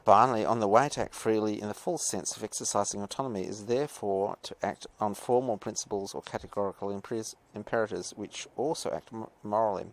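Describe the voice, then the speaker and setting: A man's voice: lowish voice, fairly quick, hardly any pauses. A male teacher giving a podcast lecture. He reads passages and comments on them in a rambling, hesitant way, with many fillers and asides.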